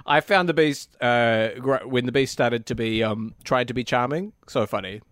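Male co-host, casual chat, deadpan delivery, dry close recording. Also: mid-range voice, normal speed, no echo. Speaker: podcast co-host.

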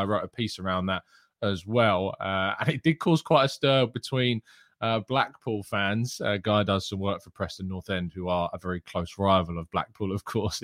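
A man's voice: lowish voice, no echo, clean studio sound. A man hosting a daily football news show, talking casually with many "uh" fillers and greeting his live chat. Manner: casual, chatty, frequent "uh" fillers. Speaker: host.

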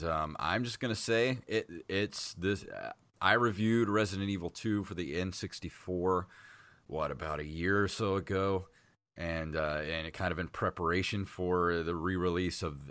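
A man's voice: sits low, a bit bright, dry recording. A man in his thirties co-hosting a casual podcast, talking in a laid-back, rambling way with lots of fillers. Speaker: podcast co-host, game reviewer.

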